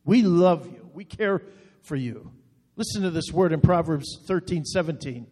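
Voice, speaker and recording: A man's voice: fairly high pitch, expressive, moderate pace, a little mellow. A man preaching a sermon as pastor, making earnest, direct appeals in short repeated phrases. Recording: long reverb.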